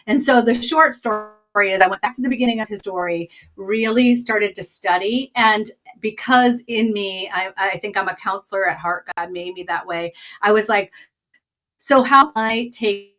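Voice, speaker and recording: A woman's voice of ordinary middle pitch, telling a personal story as an interview guest. She is chatty and expressive, with plenty of small asides and fillers. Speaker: podcast guest, trained counselor.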